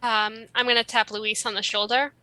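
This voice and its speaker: Bright-voiced woman playing a tabletop game. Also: a little high, flat delivery, moderate pace, no echo, rough recording. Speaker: player. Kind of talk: casual tabletop game chat.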